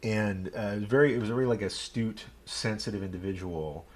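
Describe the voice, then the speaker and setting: A man's voice: fairly low pitch, fairly quick. A man from Texas with a Texan accent, a rabbi chatting casually and rambling on a live stream. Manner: rambling, chatty, self-deprecating.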